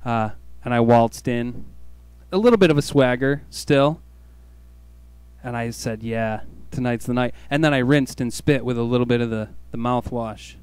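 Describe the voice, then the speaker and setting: A man's voice: medium pitch, moderate pace, darkish tone, clean tone, dry recording. A man hosting a radio show, telling a jokey, self-mocking story in a laid-back way. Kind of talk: comic storytelling monologue.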